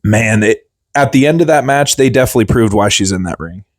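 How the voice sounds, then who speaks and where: A man's voice: on the low side, animated, brisk, dry recording. Male co-host, casual fan chat, repeats himself, dry close sound. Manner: enthusiastic, repeats himself for emphasis. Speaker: wrestling podcast co-host.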